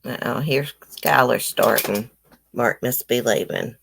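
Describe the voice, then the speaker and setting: A woman's voice: a bass voice, measured pace, creaky. A woman hosting a casual livestream, reading news aloud and giving blunt, opinionated commentary to her viewers while nursing a toothache. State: toothache, swollen face. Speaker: livestream host.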